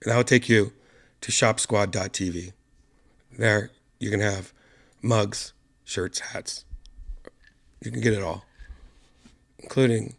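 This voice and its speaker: A man hosting his own online show, hoarse from a lost voice and talking quietly and softly to spare it. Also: fairly low pitch, fairly even intonation, slow, pauses often. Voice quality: gravelly. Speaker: podcast host. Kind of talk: casual solo stream chat.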